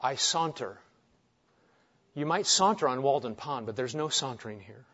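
A man preaching a sermon, swinging between loud emphasis and hushed asides and asking the congregation rhetorical questions. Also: mid-range voice, animated, fairly quick. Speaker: pastor. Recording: dull lo-fi sound.

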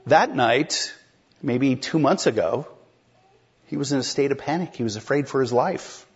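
A pastor with a husky mid-range voice preaches an expository sermon at a moderate pace, explaining a text conversationally and posing questions to the congregation. The recording is muffled.

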